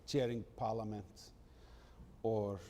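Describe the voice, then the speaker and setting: A man answers a panel question as a prime minister. He speaks very slowly and deliberately, pausing between phrases. He sounds distant, and a long hall reverb follows his words. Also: fairly low pitch, fairly even intonation, mellow, a little hiss or hum.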